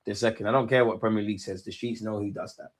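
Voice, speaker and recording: A man's voice: fairly low pitch, fast. A young man hosting a livestream football reaction, ranting and taunting his chat. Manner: excitable, taunting, shouts at chat. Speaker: fan channel host.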